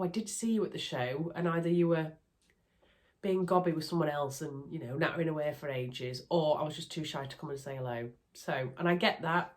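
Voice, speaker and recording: A woman with a Yorkshire accent, bunged up with a cold and sounding nasal, chatting casually and self-deprecatingly to her phone camera at night. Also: sits low. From Yorkshire, England. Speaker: sewing vlogger. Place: bedroom at night under a ring light.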